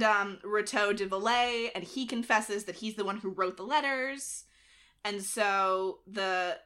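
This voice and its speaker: A young adult woman co-hosting a podcast, retelling history in a casual, animated way and acting out the quotes. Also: mid-range voice. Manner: animated retelling with acted-out quotes and frequent laughs. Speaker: podcast co-host. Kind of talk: casual storytelling chat.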